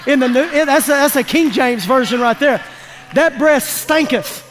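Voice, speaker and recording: A man's voice: very high voice, fairly quick, a bit bright, slight background noise. A man preaching a sermon to his congregation, emphatic and folksy, drawing responses from the listeners. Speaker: pastor. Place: church sanctuary. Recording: long reverb of a large church hall.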